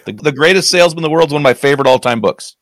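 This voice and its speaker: A man's voice: a little high, expressive, very fast, a bit bright, no echo. A man hosting an interview, affirming his guest and asking friendly questions. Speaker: podcast host.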